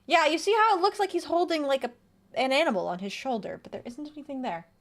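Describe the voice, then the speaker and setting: A woman streamer with a high voice that swings widely in pitch. She talks playfully through a video game as she plays, reading the game's text aloud and reacting to what she sees. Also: expressive, fast talker. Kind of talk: casual gameplay commentary.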